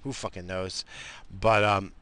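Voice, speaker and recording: A man's voice: low voice, level tone, unhurried, sharp tone, smooth. A man ranting in a casual, profane, rambling way, with lots of fillers, as if talking from his car.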